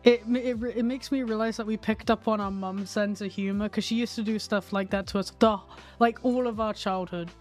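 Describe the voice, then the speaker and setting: A woman's voice: mid-range voice, fairly even intonation, a little fast, hardly any pauses, darkish tone. A young woman chatting casually, blunt and sweary, often laughing. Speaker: co-host. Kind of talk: casual chat. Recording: faint music behind.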